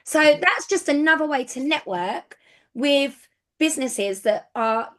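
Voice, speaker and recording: A woman's voice: sits high, unhurried. Chatty woman. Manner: chatty and excitable, with frequent restarts. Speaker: direct sales team leader. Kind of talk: casual business coaching talk.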